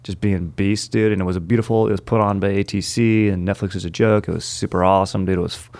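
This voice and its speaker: A man's voice: sits low, fairly even intonation, fast talker, darkish tone. A young adult man hosting a casual chat, telling stories in laid-back bro slang. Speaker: podcast host.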